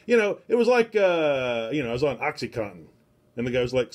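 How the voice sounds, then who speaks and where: A man's voice: a little high, very animated, quick pace. Guy rambling through his home book club stream on a phone, wanders off topic, jokes at himself. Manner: meandering, self-deprecating asides. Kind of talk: rambling casual livestream talk. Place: home, talking to a phone camera.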